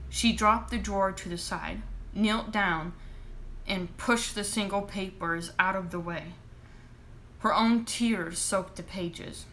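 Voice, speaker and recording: A woman's voice: mid-range voice, a bit bright, a little hiss or hum. Woman reading her own novel aloud. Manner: brisk narration, chatty asides. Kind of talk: live reading and casual chat.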